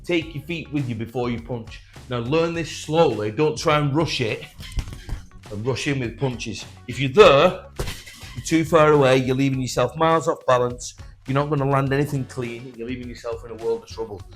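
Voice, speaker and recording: A man's voice: medium pitch, moderate pace, soft background music. A man coaching beginner boxers, giving direct, encouraging instructions while demonstrating. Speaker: boxing coach.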